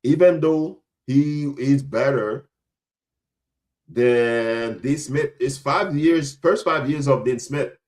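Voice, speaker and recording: A young man hosts a casual sports talk show, speaking in a middle-pitched voice. He talks in a blunt, emphatic way and hammers his points home by repeating them. He is from Florida. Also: slow, darkish tone. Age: young adult. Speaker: podcast host.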